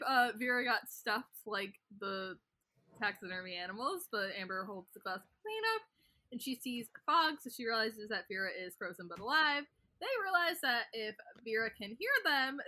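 A woman podcast host briskly recapping a TV episode plot in casual chat, laughing often. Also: mid-range voice, sharp tone, dry recording.

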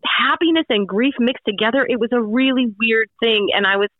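A woman's voice: a little high, fairly quick, no echo. A woman telling a personal story in a casual, rambling way with many fillers, heard over a phone line. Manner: rambling, lots of fillers and restarts. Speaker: radio host, guest. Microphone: phone call. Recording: tinny phone line, dry.

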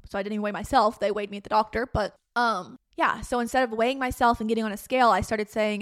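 A young woman in her twenties hosting her own podcast, talking in a chatty, candid way with bursts of loud playful emphasis. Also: medium pitch, fairly even intonation, normal speed, hardly any pauses. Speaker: podcast host. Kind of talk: casual solo podcast talk.

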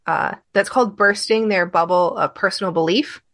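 A woman hosts a casual podcast chat at a middle pitch, blunt and unfiltered. Her stories come out plain and cheeky. The sound is close and dry, with no room around it. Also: moderate pace, fairly bright tone, no echo. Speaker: podcast host. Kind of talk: casual conversation.

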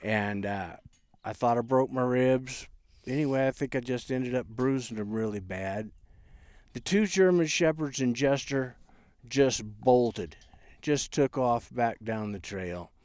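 Halting man telling a rough story. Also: darkish tone, dry recording, studio quality. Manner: halting, many restarts and fillers, low-key. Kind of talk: casual storytelling chat.

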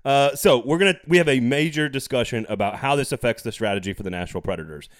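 A man hosting a sports podcast in casual chat, chatty and quick to laugh, steering the talk back on track. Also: medium pitch, no echo, clean studio sound.

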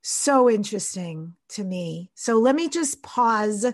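A woman's voice: medium pitch, animated. Eager woman interviewer. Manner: enthusiastic, quick to laugh. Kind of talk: casual interview.

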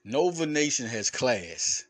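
Male podcast host, basketball analyst, animated and repetitive, informal street phrasing, mid pitch. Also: slow pace. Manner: animated, emphatic and repetitive, with stammered restarts; informal slangy speech, addressing fans directly. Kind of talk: casual solo podcast talk.

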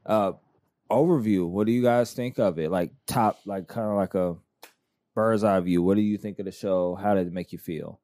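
A man hosting a casual podcast chat, rambling and halting with many fillers. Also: lowish voice, steady tone, warm tone, no echo, studio quality. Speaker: podcast host.

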